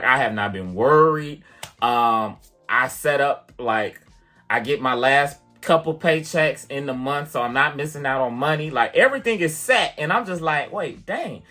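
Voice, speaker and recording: Bright-voiced man telling a story. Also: mid-range voice. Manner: chatty, animated retelling with many fillers. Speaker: vlogger and piano teacher. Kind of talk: casual storytelling to the camera.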